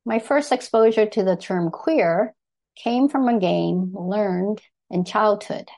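Older lady reading her own essay out loud, slow and careful, bit of fry in the voice. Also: mid-range voice. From Thailand. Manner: measured, deliberate reading with small self-corrections. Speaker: speaker reading a personal essay. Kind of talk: reading aloud to an audience.

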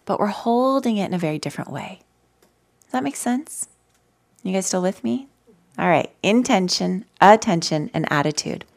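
A woman telling personal stories in a gentle, conversational way as she leads a live mindfulness talk for an audience. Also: medium pitch, expressive, moderate pace, gravelly. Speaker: mindfulness teacher. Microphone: handheld mic.

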